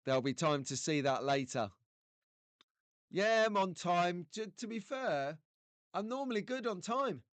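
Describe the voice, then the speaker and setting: Man, English, live stream host, casual joking chat, smooth, close and dry. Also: sits high, expressive, unhurried, dry recording. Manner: chatty, jokey, greets viewers by name.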